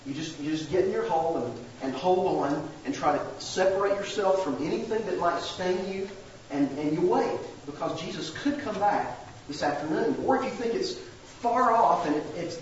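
A man's voice: sits high, animated, moderate pace, a little hiss or hum. A man preaching a sermon as a pastor, earnest and plain-spoken, with homey asides. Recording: very echoey church sanctuary, distant mic, dull.

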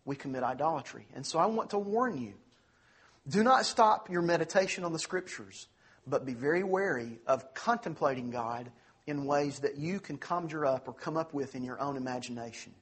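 A man with a slightly raised, husky voice preaching in earnest. He leans hard on key phrases, drawing them out slowly. He then rushes through quick asides. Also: on the high side, expressive, fairly bright tone. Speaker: pastor. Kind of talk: sermon.

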